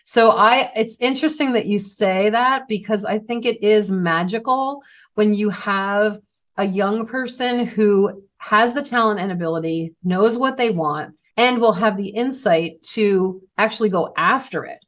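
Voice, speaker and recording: A woman's voice: mid-range voice, measured pace. A woman hosting a podcast interview, enthusiastic, speaking in long explanatory turns. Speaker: podcast host. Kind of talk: casual interview.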